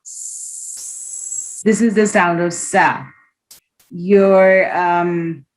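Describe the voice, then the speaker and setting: A woman's voice: medium pitch, poor audio. A woman teaching Quran reading in an online class, patiently demonstrating each letter sound aloud over a video call.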